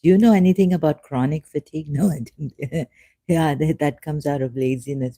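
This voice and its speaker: A vlogger speaking in a rambling, self-mocking monologue, sarcastic and halting, with many fillers and frequent laughs. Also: mid-range voice, warm tone, dry recording.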